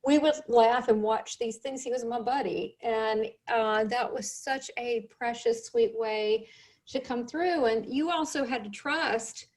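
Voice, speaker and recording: A middle-aged woman hosting a casual interview, telling lively stories and laughing often. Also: fairly high pitch, a little slow. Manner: animated storyteller, laughs often. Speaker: host.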